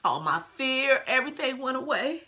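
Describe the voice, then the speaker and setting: Young woman vlogger, bright higher voice, chatty and emotional, talks straight to her viewers. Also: big pitch swings, moderate pace. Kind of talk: casual storytime vlog.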